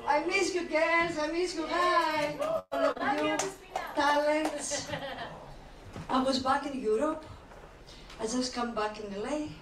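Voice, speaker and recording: A woman's voice: sits high, animated, slow pace. A woman doing bawdy stand-up comedy in broken on a comedy club stage, laughing at her own jokes. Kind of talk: open-mic stand-up comedy. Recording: echoey club, mic from a distance, hissy.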